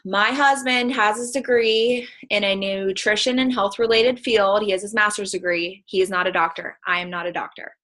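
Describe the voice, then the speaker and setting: A woman's voice: mid-range voice, bright, forceful tone, rough recording. A young woman giving a casual, emphatic sales-team presentation over a video call, chatty and repeating her warnings. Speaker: network marketing presenter.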